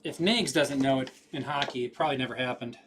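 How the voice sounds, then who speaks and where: A man's voice: mid-range voice, fast, background noise. A man hosting a live card break, rattling off names with casual running commentary.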